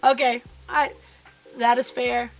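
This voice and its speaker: A woman with a hoarse, froggy voice from being sick, chatting casually and cheerfully with viewers from her home basement studio. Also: a little high, flat delivery, slow pace. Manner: chatty and upbeat, greeting viewers by name. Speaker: quilt designer and live streamer. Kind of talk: casual live-stream chat.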